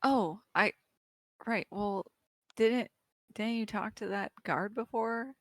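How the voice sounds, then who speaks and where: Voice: mid-range voice, slow, no echo, clean studio sound. A player in a tabletop role-playing game who laughs often while talking. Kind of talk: casual tabletop game play.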